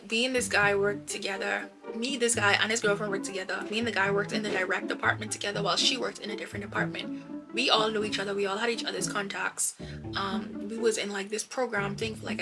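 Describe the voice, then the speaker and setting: A woman's voice: mid-range voice, fairly even intonation, fast talker. A woman vlogger telling stories in a casual get-to-know-me chat, talking to her viewers as "girl". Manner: chatty storyteller, addresses viewers as girl. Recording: background music under voice.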